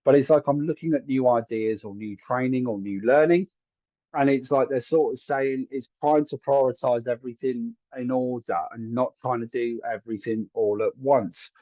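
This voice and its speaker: A man's voice: medium pitch, steady tone, moderate pace, mellow, dry recording, muffled recording. A man giving live psychic readings to viewers from a room at home, chatty and hedging, often checking whether his words make sense. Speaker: psychic medium.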